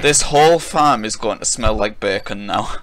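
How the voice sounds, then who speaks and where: A man giving playful, excitable let's play commentary while gaming with a friend. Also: fairly low pitch. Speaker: gamer playing with a friend.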